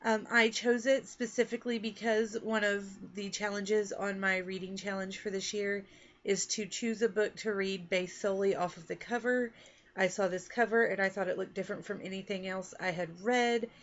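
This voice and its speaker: Talking to the camera at a moderate pace, a woman who writes books and vlogs about them rambles self-deprecatingly about what she hopes to read and write. She hails from Texas and Oklahoma, USA, and her steady, mid-range voice comes through a muffled recording.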